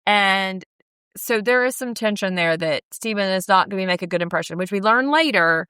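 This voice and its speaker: A woman co-hosting a casual chat, retelling events in an animated, emphatic way and swearing freely. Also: medium pitch, normal speed, smooth, no room sound, clean studio sound. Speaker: podcast co-host. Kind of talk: casual chat recapping a reality show.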